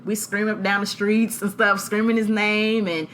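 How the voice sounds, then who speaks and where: A woman, co-hosting a podcast and telling a story, animated and laughing, acting out voices. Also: mid-range voice, moderate pace, a little hiss or hum. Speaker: podcast co-host. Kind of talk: casual storytelling chat.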